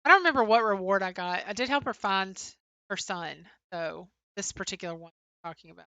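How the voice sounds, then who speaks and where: Young woman, stream co-host, bright, close dry sound, casual chat-reading, lots of "um". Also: medium pitch, fairly quick, no room sound, dull audio. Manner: chatty, answers chat names, frequent "um" fillers. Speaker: livestream co-host. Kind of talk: casual livestream chat, reading viewer comments.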